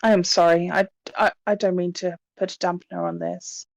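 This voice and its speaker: A woman voicing a grieving middle-aged mother in a tabletop game, speaking sorrowfully, formally and haltingly. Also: lowish voice, level tone, no room sound, close to an everyday voice.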